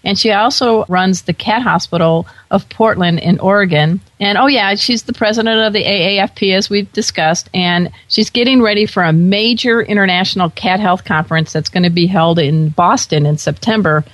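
A woman's voice: medium pitch, normal speed, few pauses, fairly bright tone, dry recording. A woman hosting a pet radio talk show, bubbly and enthusiastic with playful asides.

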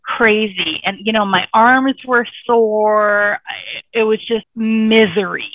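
A woman guest and dog book author telling animated, rambling stories with many fillers. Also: medium pitch, slow, dry recording. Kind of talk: casual storytelling interview. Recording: tinny phone line, dry.

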